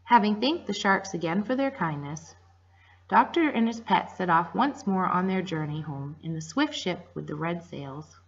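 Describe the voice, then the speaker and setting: A woman reading a children's story aloud to listeners in a gentle storytelling manner, in a dull lo-fi recording. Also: fairly low pitch, animated, normal speed, husky.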